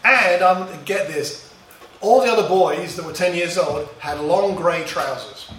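A man's voice: high voice, a little slow, a bit bright, recorded from a distance. A middle-aged man giving a reflective personal talk, telling a story from his boyhood in a musing, storytelling way. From England. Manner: storytelling, musing, with small restarts. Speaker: speaker. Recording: roomy echo, voice a bit off-mic.

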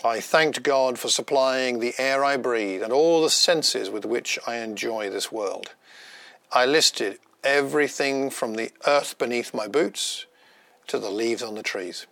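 A man giving a gentle, personal devotional talk, unhurried, with small pauses and restarts. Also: medium pitch, gravelly, no echo. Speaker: devotional speaker.

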